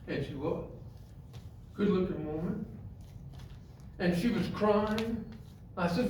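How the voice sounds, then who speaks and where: Man preaching in a booming, echoey hall. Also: a little slow, long pauses. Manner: swings from quiet, low asides to loud, high emphatic preaching; acts out stories and gives the congregation physical directions. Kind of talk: sermon. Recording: echoey hall, mic far off, faint room noise.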